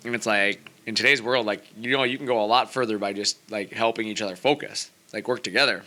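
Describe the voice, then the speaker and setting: Male podcast host, quick talker, very bright tense voice, rambling with lots of fillers, casual chat. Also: lowish voice, steady tone. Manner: rambling, heavy on fillers like "you know" and "like".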